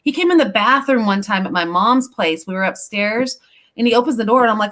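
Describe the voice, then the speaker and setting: A middle-aged woman, a paranormal investigator, chatting as a guest and telling personal stories in a rambling, animated way. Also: mid-range voice, a little fast. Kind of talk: casual chat, personal storytelling.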